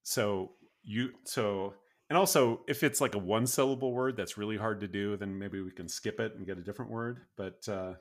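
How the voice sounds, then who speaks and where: Fairly low-voiced guy co-hosting a podcast, loose chatty fillers. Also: moderate pace. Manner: laughs often, rambling with fillers. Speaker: podcast co-host. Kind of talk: casual chat.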